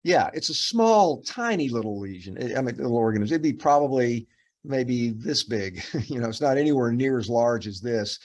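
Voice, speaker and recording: Animated and a bit mellow, a medium-pitched middle-aged dermatopathologist reviews cases with a resident at a normal pace. He meanders as he teaches, repeatedly restarting and using lots of fillers.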